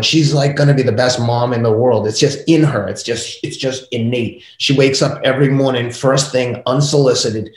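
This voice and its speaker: A middle-aged man, a podcast guest, telling family stories in a casual interview, acting out the voices of his kids and wife. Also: mid-range voice. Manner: animated, acts out family dialogue. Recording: echoey room.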